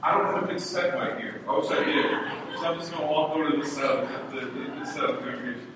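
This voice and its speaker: Animated man preaching in an echoey church. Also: on the high side, a little fast. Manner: animated storytelling, acting out voices. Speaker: pastor. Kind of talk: sermon. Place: church hall. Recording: echoey hall from far off, noisy.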